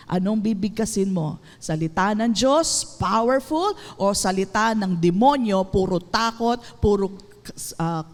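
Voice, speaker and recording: A woman pastor with a Filipino accent preaching a sermon, emphatic, with frequent call-and-response and a mix of English and Tagalog. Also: on the high side. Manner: switches between English and Tagalog. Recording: long hall reverb.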